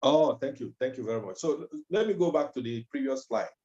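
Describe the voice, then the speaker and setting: A man gives a legal training lecture in a measured way, often pausing with ums and uhs. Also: mid-range voice, lively intonation, dark tone. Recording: dull lo-fi recording.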